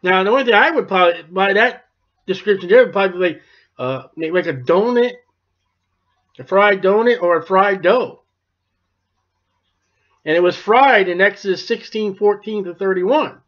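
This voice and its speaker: A man's voice: high-pitched, normal speed, pauses often. A male pastor preaching a sermon, explaining scripture in a folksy, wry manner. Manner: folksy, wry Bible commentary. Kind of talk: expository sermon. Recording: dull lo-fi recording.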